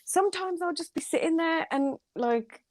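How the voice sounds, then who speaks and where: A woman's voice: very high voice, lively intonation, moderate pace, darkish tone. Candid rambling woman in casual chat. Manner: candid, rambling, laughs often. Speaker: livestream co-host.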